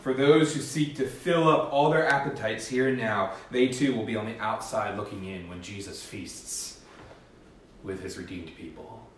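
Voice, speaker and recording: A man's voice: fairly low pitch, moderate pace, slight background noise. A male pastor preaching a sermon in an earnest, emphatic manner, with rising bursts. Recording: echoey hall, distant mic.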